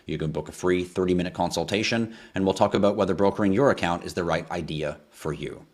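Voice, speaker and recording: A man hosting a livestream, answering chat questions in a ranting style with swearing and sudden bursts of yelling. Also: sits low, fast talker.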